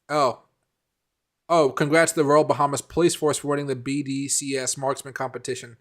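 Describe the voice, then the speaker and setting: A man's voice: medium pitch, level tone, fairly quick. A man hosting a casual live stream, rambling and answering viewer comments by name, with many fillers and restarts.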